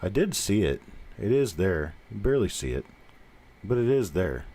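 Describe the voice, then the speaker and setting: A man's voice: on the low side, big pitch swings, normal speed, warm tone, slightly rough. A man in his fifties from the American South with a faint Southern accent, hosting a live coin stream, blunt and rambling with self-mocking asides. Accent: mild Southern American. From Southern United States. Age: 50s. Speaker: host. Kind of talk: casual live-stream chat.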